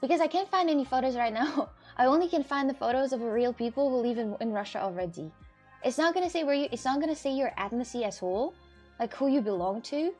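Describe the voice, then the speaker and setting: A woman vlogger in casual chat, arguing her point with halting restarts and fillers. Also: high voice, animated, a little mellow, soft background music.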